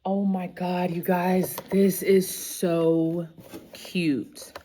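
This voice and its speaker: A woman teacher chats her way through an unboxing vlog in a low, deep-set voice. She talks at an easy, drawn-out pace and gushes freely, gasping often. A steady hiss of background noise sits under the recording. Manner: effusive, gushing, often gasping with delight. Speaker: teacher and vlogger. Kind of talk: casual unboxing vlog chat.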